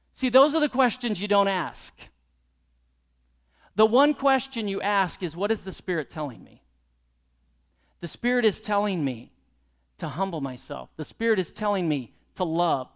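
A middle-aged man preaching a sermon, telling a personal story and then pressing the congregation with pointed rhetorical questions. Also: high voice. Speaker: pastor.

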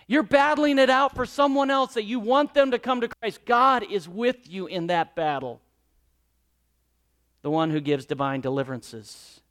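A high-voiced man preaches a sermon. He presses his points with loud, emphatic lines, then drops into quiet, low asides. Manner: emphatic, rising and dropping between loud exclamations and hushed asides. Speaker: pastor.

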